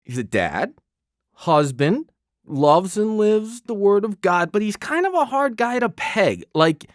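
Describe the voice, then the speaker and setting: A man's voice: high-pitched, unhurried, no echo, clean studio sound. A man of fifty co-hosting a podcast in casual chat, joking and telling stories. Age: 50s. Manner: animated, joking storyteller. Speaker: podcast co-host.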